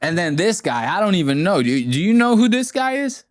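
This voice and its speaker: A man co-hosting a podcast in casual chat, laughing often and doing quick voiced impressions of people from clips. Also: high-pitched, noisy background. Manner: laughing, animated, profane storytelling with voiced impressions. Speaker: podcast co-host.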